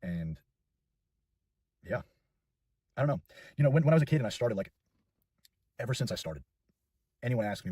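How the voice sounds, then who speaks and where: A man's voice: fairly low pitch, big pitch swings, a little fast, long pauses, mellow, slightly rough, no echo, far from the mic. A nineteen-year-old man chatting casually to camera in a rambling, self-deprecating way. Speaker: YouTuber. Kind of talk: casual vlog chat.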